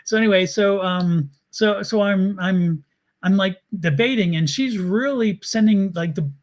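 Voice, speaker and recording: A man's voice: high voice, a little slow. A man hosting a tarot show, telling a story in a casual chat and animatedly acting out his own thoughts. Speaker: tarot reader and host.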